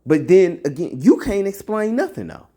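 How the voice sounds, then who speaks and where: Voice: medium pitch, sing-song, normal speed, warm tone. A self-styled religious teacher delivering an impassioned monologue to camera, scolding and rhetorical, repeating phrases for emphasis in casual slangy speech.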